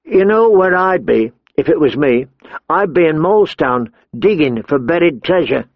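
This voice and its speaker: A man voicing a shrill, nervous young male recruit who jokes around. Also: lively intonation, normal speed, no room sound, phone-quality sound. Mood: joking. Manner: shrill, jittery.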